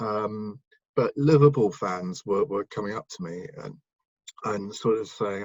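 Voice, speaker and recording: Male guest, husky, rambling anecdotal delivery, dull lo-fi mic. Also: on the low side, a little slow, a little mellow, no echo. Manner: rambling, with many ums and restarts. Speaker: guest, broadcaster and author. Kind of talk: casual interview reminiscence.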